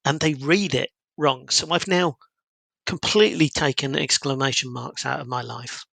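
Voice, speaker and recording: Chatty man, mid pitch, gravelly and bright, dry close sound. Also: normal speed, no room sound, low-quality recording. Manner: upbeat, chatty, with many fillers. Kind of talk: casual podcast conversation.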